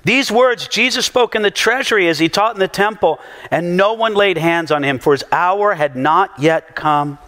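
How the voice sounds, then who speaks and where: A man preaching a sermon as pastor, an animated storyteller who acts out the quotes he tells. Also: sits high, normal speed. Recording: long hall reverb.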